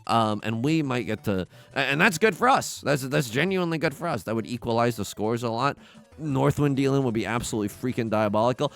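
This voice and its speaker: A man commentating live on his own tile game, excitable and jokey, yelping at setbacks and muttering while he counts tiles. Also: medium pitch, gravelly. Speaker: streamer playing a tile game.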